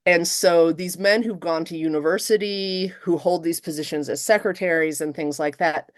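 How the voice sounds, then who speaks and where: Animated woman professor, lowish dry voice. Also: moderate pace, no room sound. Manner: animated, acts out quotes with big pitch jumps. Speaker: guest professor. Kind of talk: casual interview chat.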